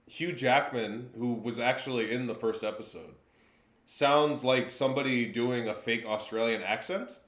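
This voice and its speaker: A man co-hosting a casual livestream, rambling through deadpan jokes. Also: medium pitch, normal speed, echoey room.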